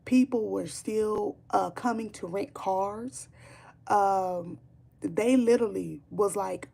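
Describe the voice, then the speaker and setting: Woman, gravelly fry, casual livestream chat, emphatic, repeats herself, swears. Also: medium pitch, slow, mellow. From Chicago, Illinois. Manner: emphatic, repetitive, swearing freely. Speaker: streamer chatting with viewers.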